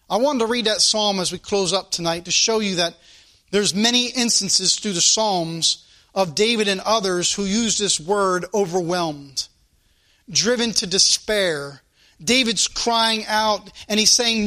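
A man's voice: high-pitched, a little slow, pushed and bright. A man preaching a sermon, reading scripture aloud and pressing his points with rising emphasis.

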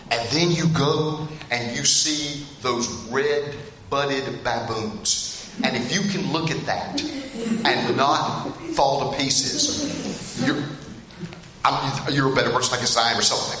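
A middle-aged man preaching a sermon in a church, talking straight to the congregation and telling stories in an animated way that gets him laughing. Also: medium pitch, takes it slowly. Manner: storytelling, animated and laughing at funny parts; addresses the congregation directly. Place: church hall. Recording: echoey hall with faint room noise.

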